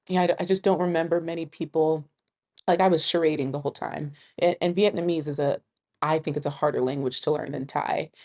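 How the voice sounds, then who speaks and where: A woman in her thirties talking casually to camera as a travel vlogger, chatty and quick to laugh. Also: sits low. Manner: chatty, laughs often, animated storytelling.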